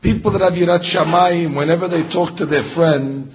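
A man with a fairly high voice leads a rabbi's sermon. He talks in an animated way and mocks his listeners with rhetorical questions. The recording is dull and lo-fi. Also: normal speed, slight background noise. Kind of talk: Torah class sermon. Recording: dull lo-fi sound.

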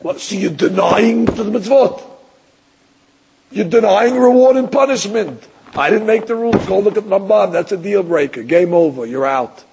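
A man's voice: high-pitched, moderate pace, creaky, a little mellow, slightly rough, low-quality recording. A man, a rabbi giving a religious lecture, talking emphatically and rhetorically, stammering into restarts and acting out other people's voices. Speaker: rabbi teaching a class.

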